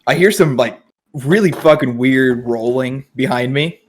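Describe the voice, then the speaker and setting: A laid-back man tells a short story on a casual podcast, pausing often and filling the gaps with ums and uhs. His voice sits at a middling pitch. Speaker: podcast co-host.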